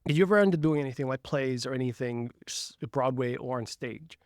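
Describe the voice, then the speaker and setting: A man hosting a casual podcast interview, telling stories in an animated way with frequent laughter. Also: mid-range voice, a little fast, dry recording, studio quality. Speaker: podcast host.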